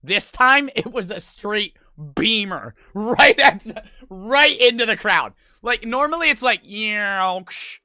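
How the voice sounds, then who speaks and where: A man's voice: extremely high pitch, expressive, measured pace, sharp tone, no room sound, clean studio sound. A young man streaming, telling a rambling, profane story to his chat. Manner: rambling, profane, full of fillers.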